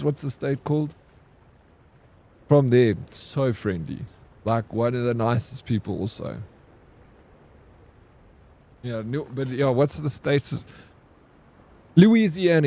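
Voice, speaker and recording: Laid-back rambling male streamer, mellow tone. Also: medium pitch. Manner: rambling, laid-back, peppered with "like", "dude" and "bro". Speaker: game streamer. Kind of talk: casual chat with viewers.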